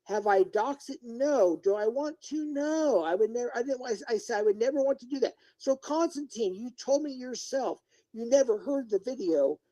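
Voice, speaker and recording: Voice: medium pitch, expressive, moderate pace, dark tone, low-quality recording. A livestreamer delivering a confrontational rant at one person, scolding, lecturing and repeating questions as they press for answers.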